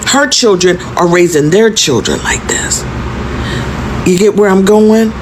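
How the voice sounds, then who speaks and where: A woman's voice: mid-range voice, measured pace, background noise. A woman in her fifties telling a storytime vlog in a conversational, emphatic way, often turning to ask the viewer questions. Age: 50s. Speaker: content creator.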